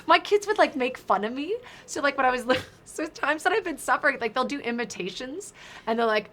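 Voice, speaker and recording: A middle-aged woman hosting a podcast interview, chatty and animated, laughing easily. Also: sits high, fairly quick. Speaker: podcast host. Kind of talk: casual conversational interview.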